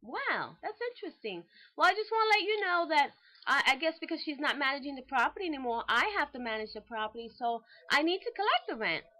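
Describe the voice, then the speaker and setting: A woman voicing a puzzled middle-aged male property owner who explains himself haltingly. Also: sits high, very animated, sharp tone, exaggerated voice. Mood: taken aback. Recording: dull lo-fi recording.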